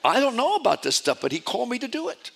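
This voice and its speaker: A man's voice: very high voice, quick pace, gravelly. A man preaching a sermon, telling stories animatedly and often repeating his words. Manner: animated storytelling with repetitions.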